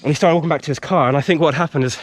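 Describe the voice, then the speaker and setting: Vlogging outdoors in a wood, a man with a highish voice talks at a racing speed. Somewhat worn out from a run, he casually rambles through a lively story with plenty of filler words.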